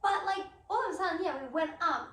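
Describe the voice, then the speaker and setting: A young woman telling a travel story in casual chat, lively and full of fillers, acting out her own panicked thoughts. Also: extremely high pitch, fast, far from the mic. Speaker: podcast guest. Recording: roomy echo, a bit off mic, faint hiss.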